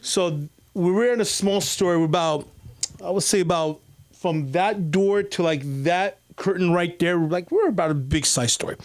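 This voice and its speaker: Open-mic comic, male, slightly higher voice, loose rambling delivery with constant restarts. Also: moderate pace. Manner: rambling, many restarts and fillers. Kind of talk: rambling stand-up storytelling.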